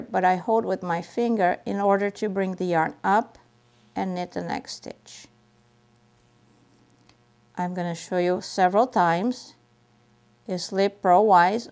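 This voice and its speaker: Knitting instructor, woman, unhurried delivery, patient and repetitive, walking viewers through each step. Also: mid-range voice, a little mellow. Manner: patient, repeats steps slowly while demonstrating. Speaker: knitting teacher. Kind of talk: step-by-step craft tutorial.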